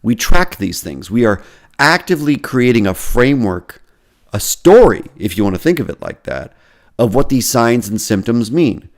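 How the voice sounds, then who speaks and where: A man's voice: mid-range voice, very animated, moderate pace. A man hosting a podcast, casually reading and commenting on social media posts with self-deprecating asides. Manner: self-deprecating, chatty, lots of restarts. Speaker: podcast host and therapy professor.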